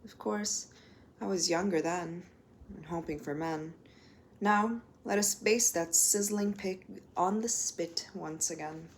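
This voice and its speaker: A woman reading poems aloud at home in a measured way, lingering on single words. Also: lowish voice, slight background noise. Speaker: poetry reader.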